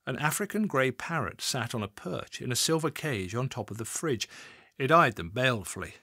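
Expressive male audiobook narrator. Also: medium pitch, moderate pace, no echo, studio quality. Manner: expressive, dramatic reading.

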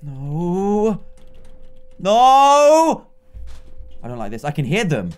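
A young British man in his twenties giving excitable, jokey let's-play commentary, talking to the characters as he plays. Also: mid-range voice, racing. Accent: British English. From England. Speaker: gaming YouTuber.

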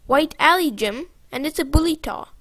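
A woman's voice: sits high, lively intonation, moderate pace, fairly bright tone, dry recording, voice pushed up. A woman doing an eager scheming boy. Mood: coaxing. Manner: coaxing, persuasive.

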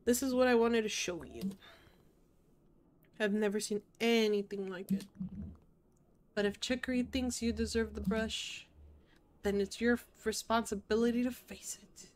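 A woman reading aloud the lines of a calm, earnest female game mentor in her own voice. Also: on the high side, unhurried, long pauses, lightly acted.

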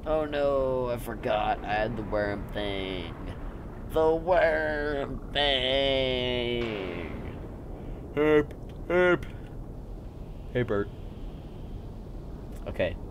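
A man's voice: on the low side, background noise. A young man making goofy let's-play commentary, full of silly nonsense words and sudden outbursts. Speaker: gamer.

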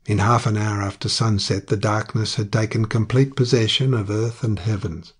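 Guy reading an audiobook, low husky voice, steady measured pace. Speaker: audiobook narrator. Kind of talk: audiobook narration.

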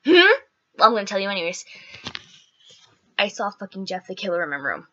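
A woman's voice: medium pitch, a little fast, sharp tone, muffled recording. A woman vlogger telling a story in casual, chatty talk, full of "like" and "okay" and some swearing.

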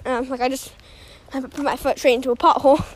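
Breathless high-voiced young podcaster, silly and rambling. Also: female voice, level tone, fast. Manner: silly, self-mocking, jumps between topics. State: out of breath from walking. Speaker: podcast host. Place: outdoors on a walk near a road.

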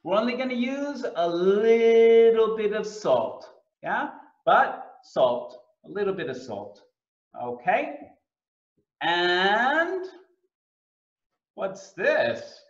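A man teaching English through a cooking lesson, speaking slowly and repeating and translating words for learners. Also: high-pitched, sing-song, reverberant, lo-fi sound.

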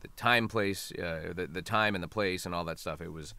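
A man's voice: deep voice, moderate pace, pushed and bright, slight background noise. A man talking as a voice actor guest in a casual interview, chatty and laughing often.

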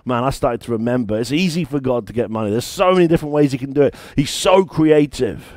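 Emphatic British preacher, dry close sound. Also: male voice, mid-range voice, quick pace, darkish tone, dry recording. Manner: conversational, emphatic preaching with storytelling. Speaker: church founder and pastor. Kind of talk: sermon.

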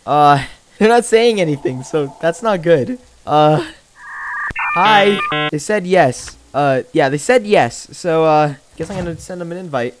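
A man giving excitable let's-play commentary, often breaking into high yelps and laughter. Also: a little slow, slight background noise. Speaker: gaming video creator. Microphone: new microphone.

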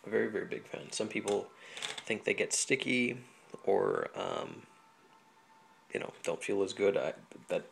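A man from Hawaii, a flutist, explaining instrument care in a relaxed, chatty home tutorial full of ums and small laughs. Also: lowish voice, a little slow, gravelly, long pauses, a little hiss or hum. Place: home apartment.

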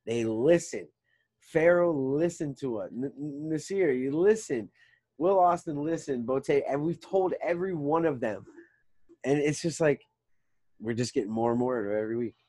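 A man co-hosting a casual podcast, ranting fast and swearing a lot. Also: on the high side, no echo. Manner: animated, swearing, fast rants. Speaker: podcast co-host. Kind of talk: casual chat.

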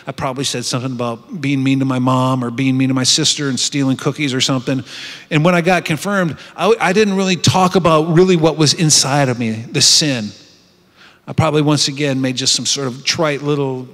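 In a conference hall with long reverb, a man gives a heartfelt personal testimony at a retreat, earnestly telling his story with frequent restarts. His voice is fairly high and fairly bright, and he speaks briskly.

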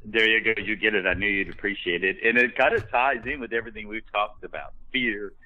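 Co-host, middle-aged man, very deep voice, tinny phone-like sound, easygoing. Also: a little fast. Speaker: podcast co-host. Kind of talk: casual podcast chat.

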